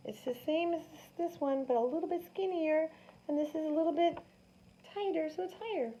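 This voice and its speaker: A woman teaching a science lesson to children, animated and sing-song, often asking them questions. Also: high voice, a little fast, over loud music. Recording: dull lo-fi sound with faint noise.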